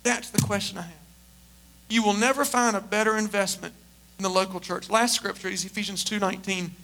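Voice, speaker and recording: A man's voice: sits high, fairly even intonation, brisk, bright, forceful tone. A middle-aged male pastor preaching a sermon at a church service, emphatic and mixing in humorous storytelling.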